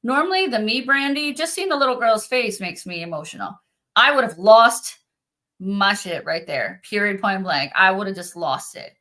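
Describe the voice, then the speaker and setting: A middle-aged woman, a psychic medium guest, telling her story in an interview with animated quoting. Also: normal speed. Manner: animated, acts out quotes in a high voice.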